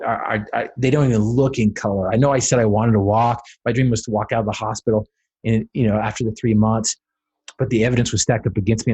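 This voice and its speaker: Husky man telling a dramatic story. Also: lowish voice, darkish tone. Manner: dramatic storytelling, builds to emphatic peaks. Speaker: podcast guest, motivational speaker. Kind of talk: storytelling on a podcast.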